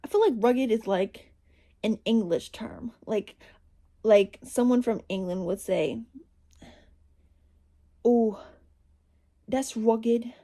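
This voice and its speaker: A woman's voice: mid-range voice, a little slow, dark tone. A young woman chatting casually to her camera in a reading vlog, rambling and interrupting herself as she goes. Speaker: reading vlogger.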